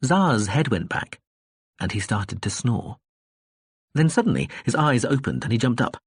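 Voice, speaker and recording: A man narrating an audiobook in a calm storytelling manner. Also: medium pitch, unhurried, husky, no echo, clean studio sound. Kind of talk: scripted narration.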